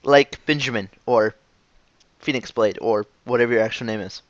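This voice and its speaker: Excitable young man hosting an interview. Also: mid-range voice, moderate pace, no echo, highs cut off. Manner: excitable, gushing, laughing often. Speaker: interview host. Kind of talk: casual online interview.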